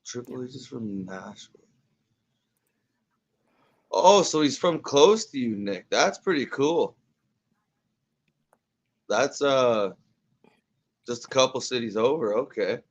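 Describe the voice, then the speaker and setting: A man's voice: medium pitch, lively intonation. Casual man with dull lo-fi sound. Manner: halting, restarts often, quick laughs. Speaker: watch party co-host. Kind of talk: casual chat.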